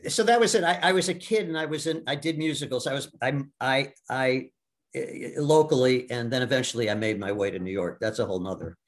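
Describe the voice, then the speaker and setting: A man in his seventies from the US Midwest, telling his life story as a guest in a casual interview, halting with many restarts and fillers. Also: medium pitch. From Milwaukee, US Midwest. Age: 70s. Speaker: guest, stage actor.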